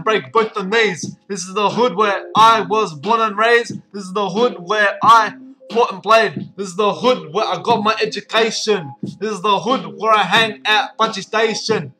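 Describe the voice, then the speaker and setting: Brash young street tough rapping in a put-on Arabic accent, high and bright, voiced by a man, swaggering over faint guitar. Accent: put-on Arabic-accented English. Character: boastful young male Western Sydney street tough. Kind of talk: comic parody rap over guitar.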